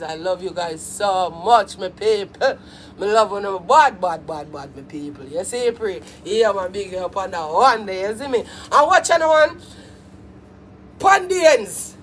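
A Jamaican woman with a high voice hosts a live stream. She talks straight to her viewers in lively patois and calls out to them often. A faint noise sits under her voice. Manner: animated, talks back to viewers, patois phrasing. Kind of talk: casual live-stream chat about dancehall.

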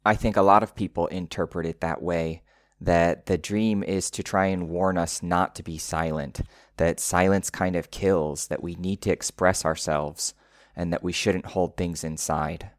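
Male English teacher, low voice, patient step-by-step explainer, dry studio sound. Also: fairly even intonation, unhurried, no room sound. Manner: patient, spells out word meanings step by step; drops into a soft whisper to demonstrate. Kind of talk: explaining song lyrics for learners.

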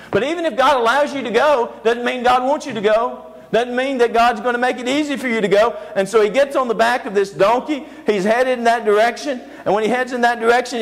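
A man's voice: very high-pitched, rough recording. A male preacher giving a sermon lecture, telling a story animatedly with humorous asides.

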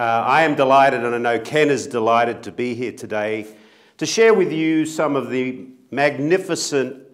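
A middle-aged Australian man giving an earnest, gently self-mocking speech to an audience as a company chief executive. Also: mid-range voice. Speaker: company CEO speaker.

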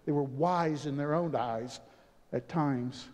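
A male pastor giving a sermon, moving between quiet, low asides and loud, emphatic passages, and often chuckling as he talks to the congregation. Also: takes it slowly. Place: church sanctuary. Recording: long reverb of a church hall.

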